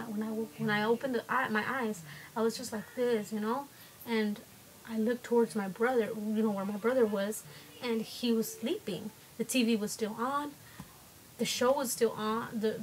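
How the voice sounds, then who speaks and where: A woman's voice: fairly high pitch, a little hiss or hum, poor audio. A young woman telling a personal story to camera, hesitant, with many fillers and restarts. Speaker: vlogger.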